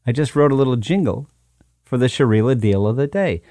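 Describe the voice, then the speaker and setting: A man hosting a radio food show, chatty and joking as he pitches deals. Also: animated, brisk, dark tone, no room sound, clean studio sound.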